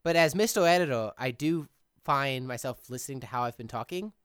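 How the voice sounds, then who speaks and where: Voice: mid-range voice, brisk, clear, resonant tone, no room sound, clean studio sound. A podcast host who edits the show, chatting casually in long, reflective run-on thoughts. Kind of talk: casual chat.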